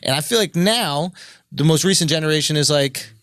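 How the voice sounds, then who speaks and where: A man's voice: a little high, fairly quick, smooth, no room sound, clean studio sound. A man co-hosting a comedy podcast, chatting casually and swearing freely. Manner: animated, swears freely, does exaggerated quoted voices.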